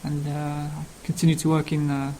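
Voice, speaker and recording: A man's voice: fairly high pitch, completely flat delivery, normal speed, warm tone, a little hiss or hum, rough recording. A man with a Cockney London accent introducing himself casually, rambling with many ums and uhs. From England. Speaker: language learning speaker.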